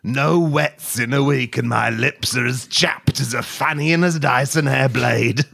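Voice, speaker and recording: A man's voice: medium pitch, a little slow, gravelly, fairly bright tone, a little hiss or hum. A man voicing a parched, self-pitying man who begs for water in mournful, theatrical, mock-archaic speech, improvised for comedy. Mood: woeful, pleading. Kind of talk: comedic improvised voice acting on a podcast.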